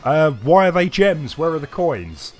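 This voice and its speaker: At a measured pace, a gaming streamer with a fairly high, sing-song voice reads out chat during a live stream. His replies to viewers are casual and rambling, with lots of hesitation, and faint game music can be heard.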